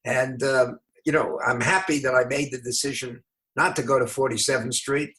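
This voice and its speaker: An older man from New York, a rabbi being interviewed, telling stories in an unhurried, anecdotal way with emphatic moments. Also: medium pitch, steady tone, bright, forceful tone. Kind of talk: conversational storytelling.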